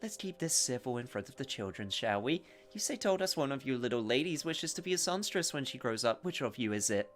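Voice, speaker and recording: A man's voice: mid-range voice, big pitch swings, a little fast, few pauses, fairly bright tone, faint music behind. A man voicing a vain, glamorous female stage singer in a game, haughty and teasing.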